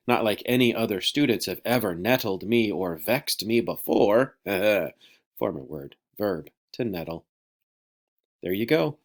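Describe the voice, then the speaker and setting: Male teacher, low voice with lively pitch, teasing offhand vocabulary lesson. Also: a little slow. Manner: joking, teasing, loose and offhand.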